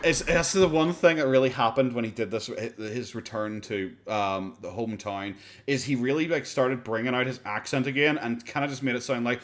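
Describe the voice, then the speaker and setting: A man's voice: medium pitch, brisk, few pauses. A man with an Irish accent giving casual, sarcastic reaction commentary on a video, swearing often and laughing between remarks.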